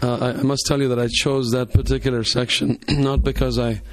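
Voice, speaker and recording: A man, an author, speaking hesitantly and apologetically at a live reading, his voice failing as he clears his throat. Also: medium pitch, level tone, fairly quick, no echo. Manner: apologetic, hesitant, repeats words. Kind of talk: remarks at a live book reading.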